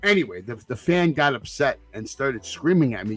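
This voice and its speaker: A man co-hosting a casual podcast chat, telling profane stories that often rise to excited shouting. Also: mid-range voice, moderate pace, no echo, soft background music. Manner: loud, profane storyteller, gets excited and shouty. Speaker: podcast co-host.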